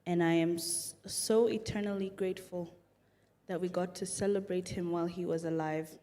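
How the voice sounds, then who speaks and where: Woman with a dark voice giving a eulogy. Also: on the low side, steady tone, moderate pace. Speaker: eulogy speaker, daughter of the deceased. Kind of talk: formal funeral tribute speech.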